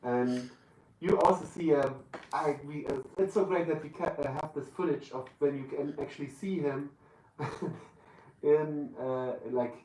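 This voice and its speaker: German accent guy, kinda high voice, halting, sounds far off in an echoey room. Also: fairly even intonation. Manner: halting, searching for words. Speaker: guest. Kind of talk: live podcast interview. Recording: roomy live venue, distant mic, faint room noise.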